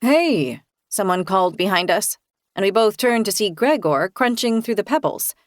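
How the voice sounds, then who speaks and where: A woman reading a first-person thriller aloud in an expressive, tense storytelling manner. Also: mid-range voice, normal speed, no room sound, studio quality. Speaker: audiobook narrator. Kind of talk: first-person novel narration.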